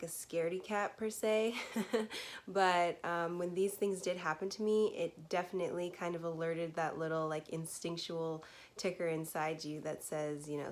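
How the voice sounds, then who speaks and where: A woman in her twenties chatting casually on camera as she tells a true story, with frequent laughs and lots of fillers. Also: lowish voice. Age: 20s. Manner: chatty, laughs often, many "like"s. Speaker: vlogger.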